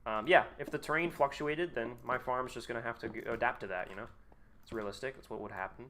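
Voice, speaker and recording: A man with a bright, forceful voice talks through a live game stream in casual, rambling chat. He swears freely, mocks himself and teases his viewers while muttering as he builds. A faint hum of noise sits under his voice. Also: mid-range voice, fast talker. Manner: swears often, jokes and banters with chat. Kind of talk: casual live gameplay commentary.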